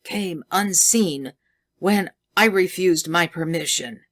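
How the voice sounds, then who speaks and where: A woman's voice: fairly low pitch, slow, a bit bright. A woman voicing an agitated older male scientist with a German accent, crying out in distress. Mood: anguished.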